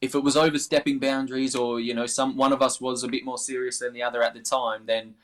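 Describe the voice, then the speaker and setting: A man's voice: mid-range voice, little pitch movement, quick pace. An Australian man chatting casually as an interview guest, rambling with many restarts. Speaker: interview guest, darts player.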